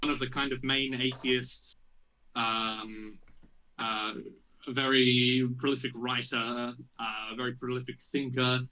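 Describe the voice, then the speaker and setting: A young man co-hosting a podcast, telling an anecdote in casual chat, animated and full of fillers. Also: medium pitch, a little slow, low-quality recording. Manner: animated storytelling with many fillers. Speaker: podcast co-host.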